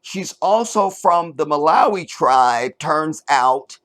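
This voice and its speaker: A middle-aged man hosting a commentary show, reading an article aloud and mocking it with sarcasm, jumping between loud outbursts and low mutters. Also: expressive, slow pace. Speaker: commentary channel host.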